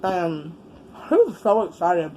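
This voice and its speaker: Mellow-voiced woman telling a candid story. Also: fairly low pitch, big pitch swings, slow, poor audio. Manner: rambling, candid storytelling with frequent swearing and fillers. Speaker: vlogger. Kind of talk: casual story time while eating. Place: indoors with a fan running. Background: faint fan hum.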